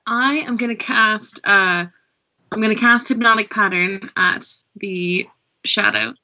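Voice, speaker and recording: A woman's voice: mid-range voice, fairly even intonation, measured pace, sharp tone. A woman playing a tabletop game, talking casually and rambling with many fillers. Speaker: player.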